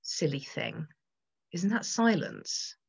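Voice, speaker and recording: A woman voicing a creature that has taken a young woman's place, speaking softly, slowly and with quiet menace in a gothic story. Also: on the low side, sing-song, creaky, husky, dull audio, exaggerated voice. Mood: menacing. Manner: soft, slow, quietly menacing. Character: female creature posing as a friend, coaxing, sinister.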